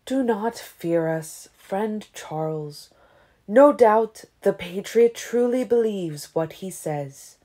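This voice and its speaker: A woman's voice: mid-range voice, expressive, slow. A woman reading as a silken ancient vampire lord. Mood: smooth, condescending. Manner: tolerant, silken, falsely gentle. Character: ancient smooth-talking male vampire leader. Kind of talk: audiobook character reading.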